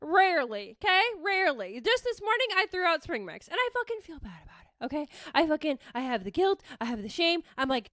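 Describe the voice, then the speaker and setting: A woman in her thirties hosting a podcast, telling a story in a playful, profane, animated way. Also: high voice, quick pace, few pauses, no echo, studio quality. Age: 30s. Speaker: podcast host. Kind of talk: casual solo storytelling.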